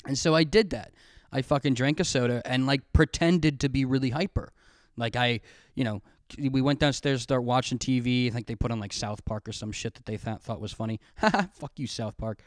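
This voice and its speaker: Young male podcast host, mid-pitched, swearing storyteller, dry recording. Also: normal speed, no echo. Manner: rambling, profane, self-mocking, laughs often. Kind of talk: casual storytelling monologue. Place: home room, recorded on camera. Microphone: camera mic.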